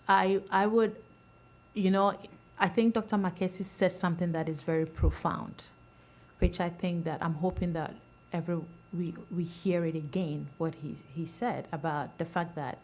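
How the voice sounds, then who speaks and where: A middle-aged woman on a school board speaking earnestly at a public meeting, rambling with many restarts and soft laughs. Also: fairly low pitch.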